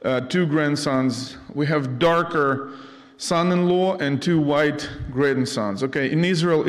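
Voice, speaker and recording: A man in his fifties from Ukraine, speaking to an audience as a missionary, halting with many fillers and restarts, with light jokes. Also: medium pitch. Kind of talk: casual talk to an audience. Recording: long hall reverb.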